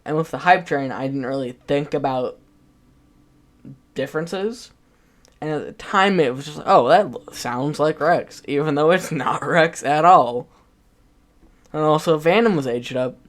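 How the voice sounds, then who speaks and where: A man's voice: on the high side, unhurried, long pauses. A man giving casual video game commentary, chatty and self-mocking as he looks back at his own old predictions. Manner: chatty and self-mocking, with frequent restarts and laughs.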